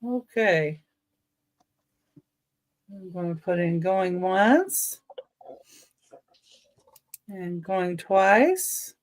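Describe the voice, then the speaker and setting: A woman's voice: on the low side, expressive, very slow, long pauses. A woman from Missouri, a friendly guest seller running the bid countdown. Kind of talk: live sale co-host chat.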